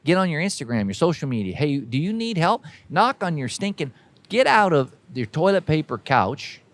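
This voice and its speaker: A man's voice: on the high side, big pitch swings, moderate pace. A man hosting a podcast, delivering a folksy, emphatic motivational monologue that exhorts listeners directly. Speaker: podcast host.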